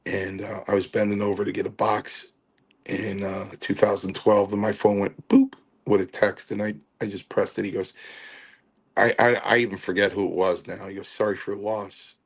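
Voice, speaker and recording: An older former wrestler shares stories as a podcast guest. His voice sits low, and his sentences stop and restart often, with many fillers in between. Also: little pitch movement, normal speed, slightly rough. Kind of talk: podcast interview storytelling.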